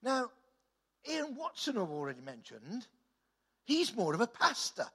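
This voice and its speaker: A man's voice: very high voice, huge pitch swings, unhurried, fairly bright tone, slightly rough. A middle-aged man, a church leader, tells anecdotes in a chatty sermon talk, often stumbling over his words and restarting. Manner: chatty storytelling with stammered restarts.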